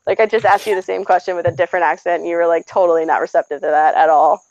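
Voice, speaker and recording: A woman co-hosting a casual bar chat, chatty and quick to laugh. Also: on the low side, steady tone, darkish tone, no echo, dull audio. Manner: chatty, laughs often, mimics voices. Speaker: podcast co-host.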